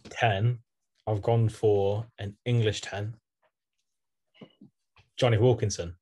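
A young man with a fairly low voice co-hosting a laid-back podcast. He keeps it dry and brisk, moving the chat along. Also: level tone, dark tone. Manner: dry, brisk, moves things on. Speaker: podcast co-host. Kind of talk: casual chat.

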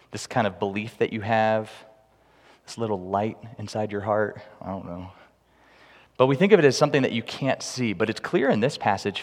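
A man preaching a sermon with humorous, animated storytelling, recorded in a large hall with long reverb. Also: lowish voice. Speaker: pastor.

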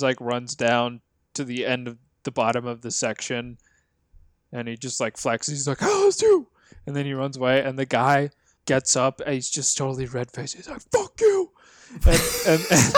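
A man's voice: medium pitch, dry recording, clean studio sound. Man telling a story in casual chat. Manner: storytelling, acts out quoted people. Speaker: podcast co-host.

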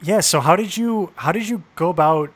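A man's voice: high voice, moderate pace, slightly rough. A man hosting a podcast, asking his guest loose, easygoing questions in a casual chat. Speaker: podcast host.

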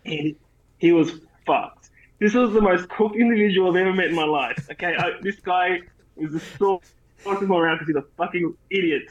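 A man's voice: high-pitched, moderate pace, dull audio. An Australian man on a podcast telling a story in a laid-back, rambling, profane way. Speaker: podcast co-host. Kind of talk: casual chat.

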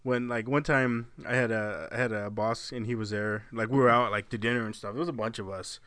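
A man's voice: medium pitch, steady tone, fairly quick, pushed and bright, no room sound. A man co-hosting a podcast, joking, laughing often and swearing. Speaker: podcast co-host. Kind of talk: casual chat.

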